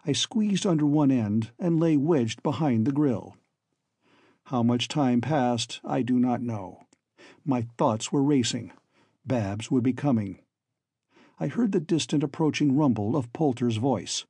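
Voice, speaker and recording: A man narrating a story in the first person as an audiobook reader, in a measured, steady storytelling manner. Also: mid-range voice, slightly rough, no room sound.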